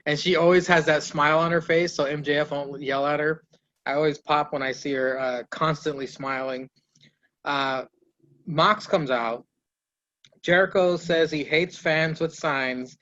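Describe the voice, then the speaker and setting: A man's voice: fairly high pitch, fairly bright tone, muffled recording. A man hosting a casual podcast, recapping wrestling in a loose, swearing play-by-play and mimicking the wrestlers. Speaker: podcast host.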